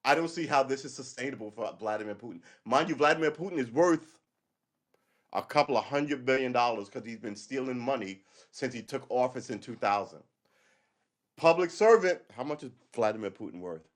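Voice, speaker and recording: Male livestream host, mid-pitched, loose sarcastic rant with cursing, casual monologue. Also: animated, a little fast. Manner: rambling, profane, sarcastic.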